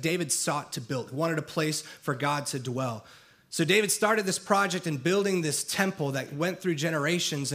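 A man's voice: on the high side, a bit bright. A young man preaching a sermon, earnest and building emphasis through repetition. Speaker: pastor.

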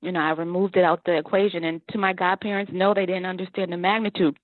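A woman guest telling her life story in an interview, earnest and animated, often laughing. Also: on the low side, fast, no room sound. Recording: tinny phone line.

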